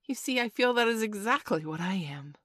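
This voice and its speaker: A woman reading a storybook and voicing Wendy, a prim, motherly little girl who talks in an earnest, gently fussing way. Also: medium pitch, lively intonation, brisk, dry recording, studio quality, pitched above the performer's own voice.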